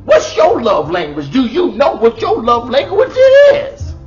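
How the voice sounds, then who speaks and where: Animated comedian with wildly swinging pitch. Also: male voice, measured pace, muffled recording, faint music behind. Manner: animated, exclaiming and singing out, bold persona. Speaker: comedian giving relationship advice. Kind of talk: comedic monologue.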